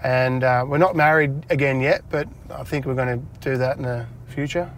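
An Australian man in his forties chats easily about his life, rambling with plenty of fillers and joking at his own expense. His voice sits at an ordinary middle pitch. A faint hum of car ambience runs underneath. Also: fairly even intonation, moderate pace. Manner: chatty, self-deprecating, lots of fillers. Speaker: interview guest. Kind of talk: casual chat. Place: inside a parked car.

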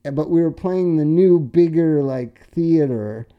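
A middle-aged man hosting a casual chat, telling loud, profane, animated road stories. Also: fairly high pitch, measured pace, smooth, highs cut off. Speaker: podcast co-host.

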